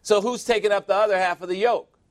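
Man, preacher, fairly high voice, conversational sermon, joking asides, emphatic. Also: fairly even intonation, quick pace.

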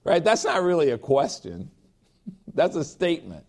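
A pastor preaching a sermon in an emphatic, emotional way, with personal asides and repeated phrases. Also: male voice, a little high, very animated, a little slow.

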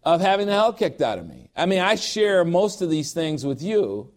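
A pastor preaching a sermon in an emphatic, emotional way, with personal asides and repeated phrases. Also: male voice, a little high, big pitch swings, moderate pace.

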